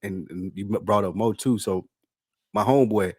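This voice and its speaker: A man co-hosting a podcast in casual chat, telling stories with animated, indignant outbursts. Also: normal speed, no echo, studio quality. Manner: animated storyteller, jumps high when indignant. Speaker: podcast co-host.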